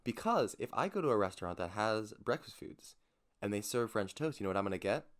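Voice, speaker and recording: A man's voice: fairly low pitch, expressive, brisk. Enthusiastic, rambling man on a podcast. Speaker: podcast co-host. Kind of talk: casual chat.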